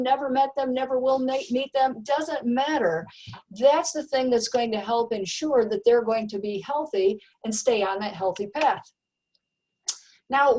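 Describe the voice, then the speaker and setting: A woman's voice: on the high side, darkish tone, recorded from a distance, a little hiss or hum, poor audio. A woman giving a recorded parenting presentation, talking emphatically and repeating key words for stress. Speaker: parenting educator.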